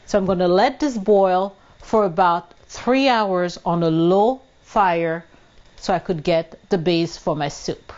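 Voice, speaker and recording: Slow-talking woman cooking at home. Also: lowish voice, a little mellow, lo-fi sound. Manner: chatty, narrates each step, drops into French. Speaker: cooking show host. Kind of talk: casual cooking demonstration. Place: home kitchen.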